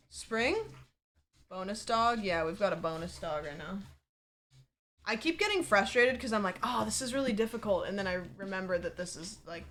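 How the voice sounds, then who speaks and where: A woman's voice: mid-range voice, a bit bright, slight background noise. A woman livestreamer chatting casually from a home setup, rambling and peppered with fillers and swearing.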